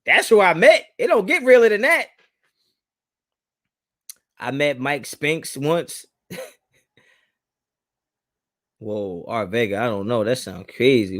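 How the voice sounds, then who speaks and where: A young man hosts a live stream and reads chat from viewers in a casual way. He's relaxed and slangy, laughing often while his pitch climbs and drops.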